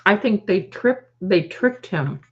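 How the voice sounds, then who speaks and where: A woman's voice: mid-range voice, lively intonation, takes it slowly, slightly rough. A woman hosting a casual livestream, chatting and greeting viewers by name. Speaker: psychic livestream host. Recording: dull lo-fi stream audio.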